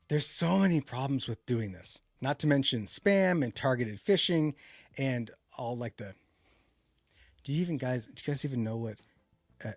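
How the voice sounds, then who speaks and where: A man's voice: medium pitch, no echo. A man co-hosting a casual livestream tech chat, rambling and correcting himself as he reads viewer comments. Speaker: podcast co-host.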